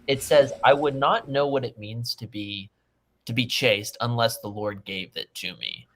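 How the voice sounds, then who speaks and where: A man speaking as a guest on a video-call panel chat, explaining in an earnest way with quick restarts. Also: mid-range voice, fairly bright tone. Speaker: podcast guest.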